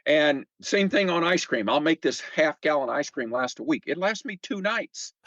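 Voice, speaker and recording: A man's voice: a little high, expressive, normal speed, a bit bright, no room sound, dull audio. A man in his seventies, a podcast guest, telling stories in a chatty, casual way, often repeating words and acting out quoted remarks. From United States. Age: 70s. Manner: frequent fillers and repeated words. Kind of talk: casual conversational storytelling.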